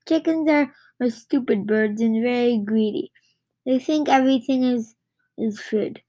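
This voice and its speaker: A woman reads a children's chapter book aloud, slowly and haltingly. She stumbles over words and restarts often. Her voice is high. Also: dark tone, no echo. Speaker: reader.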